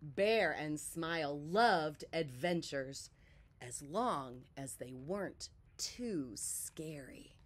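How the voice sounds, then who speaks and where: A woman reading a picture book aloud to children, expressive and unhurried, sometimes sinking to a soft whisper. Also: sits low. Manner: animated, slow and expressive, drops to soft whispers. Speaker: children's story reader. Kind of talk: read-aloud storytelling for children.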